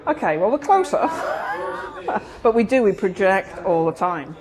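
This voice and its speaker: A woman's voice: mid-range voice, animated, a little fast, rough recording. A woman talks through ideas in an easy, conversational way, full of everyday examples. She is recorded in a busy coffee shop, with lots of chatter from the crowd behind her. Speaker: therapist. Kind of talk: casual explanatory chat. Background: café crowd chatter.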